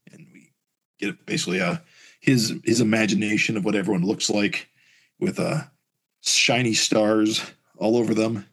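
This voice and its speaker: Husky-voiced man narrating a comic. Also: fairly low pitch, steady tone, normal speed, a bit bright. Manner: casual, with frequent fillers. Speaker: podcast host. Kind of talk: reading a comic aloud.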